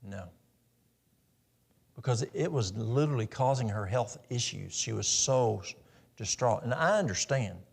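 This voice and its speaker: A man's voice: mid-range voice, animated, unhurried, creaky, long pauses, slightly rough. A middle-aged man giving a practical, story-filled health talk at a church in a folksy manner. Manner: folksy, practical, tells stories.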